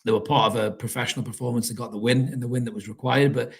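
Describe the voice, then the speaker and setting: A man's voice: mid-range voice, fairly even intonation, rapid-fire, creaky. A man hosting a casual live stream, chatting loosely, swearing freely and calling his listeners mate. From North East England. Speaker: fan channel host reading live chat.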